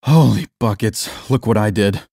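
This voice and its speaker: A man's voice: lowish voice, normal speed, creaky, dark tone, no room sound, studio quality. A man voicing a naive, eager young records officer who speaks earnestly and a little timidly.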